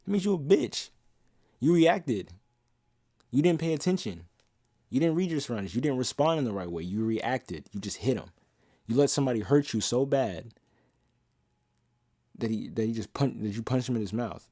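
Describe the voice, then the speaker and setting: A man's voice: medium pitch, lively intonation, a little fast, pauses often, warm tone, dry recording, clean studio sound. A young man talking casually and passionately as a podcast host, blunt and profane, sometimes half-singing lyrics. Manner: half-sings song lyrics he quotes. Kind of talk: casual monologue.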